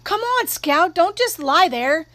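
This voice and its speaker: A cocky older boy who bosses his younger sister around and shouts at her when riled, put on by a woman reading the story. The voice sits high and bright. It comes across as a child's voice in a spoken storybook. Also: animated, moderate pace. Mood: yelling. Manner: shouting, scolding.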